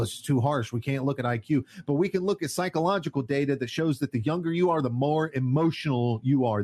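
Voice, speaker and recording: A man's voice: fairly high pitch, a little mellow. A man ranting in casual podcast chat, heated and profane. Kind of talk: casual political rant.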